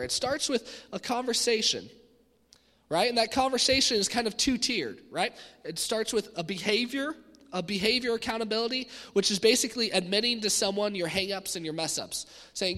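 A man in his thirties giving an animated sermon, acting out the voices of the people he quotes. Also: high voice, normal speed. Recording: echoey hall.

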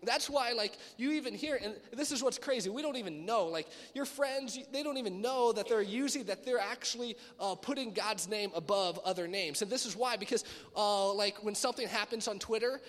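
A man giving a casual youth sermon, animated and chatty, acting out quoted dialogue in playful voices. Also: high-pitched, brisk. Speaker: youth speaker. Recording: long hall reverb.

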